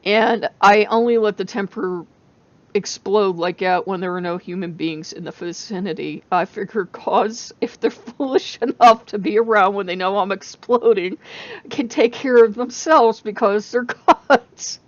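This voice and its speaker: A woman talks straight to camera in a casual vlog, animated and often breaking into laughter. Her pitch sits in the middle but swings widely as she tells the story. The recording is dry and a little dull. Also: measured pace, dry recording. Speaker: channel host.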